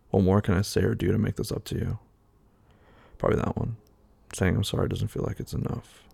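A man with a low, heavily gravelly and husky voice, thinking aloud in a loose, hesitant way full of fillers. The sound is dry and close, with no room around it. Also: warm tone, no room sound. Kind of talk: casual talk, taking an online quiz aloud.

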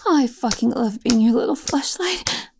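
A woman's voice: fairly high pitch, animated, normal speed, creaky, background noise. A young woman performing an adult audio role-play, breathless and pleading, often slipping into whispers.

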